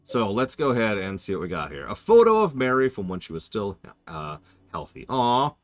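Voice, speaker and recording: A man's voice: lowish voice, sing-song, moderate pace, no room sound. A man casually commenting on a horror game during a live stream, rambling, interrupting himself and answering his chat.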